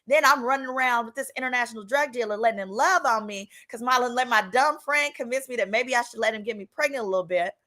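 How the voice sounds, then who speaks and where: A woman's voice: a little high, fast, hardly any pauses. A woman in her thirties casually telling a personal story with sass, acting out other people's lines. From Texas. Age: 30s. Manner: animated, sassy, acts out quotes in different voices. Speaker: legal commentary host.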